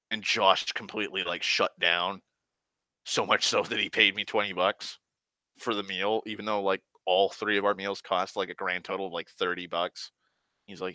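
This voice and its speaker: A man's voice: on the low side, fairly even intonation, normal speed, sharp tone, no room sound. A young man telling a long personal story in casual talk, swearing often and backtracking to correct himself. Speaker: host.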